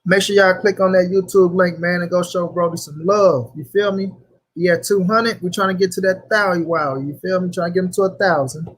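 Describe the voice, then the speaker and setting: A man's voice: sits high, steady tone, a little fast. A young man hosting a casual livestream, talking loosely in slang and greeting viewers by name. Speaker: livestream host.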